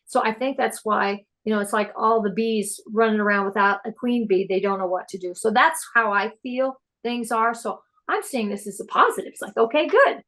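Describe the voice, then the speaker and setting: Woman, podcast guest, slightly high-pitched, excitable, animated storyteller. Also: normal speed, few pauses. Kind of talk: casual spiritual interview chat.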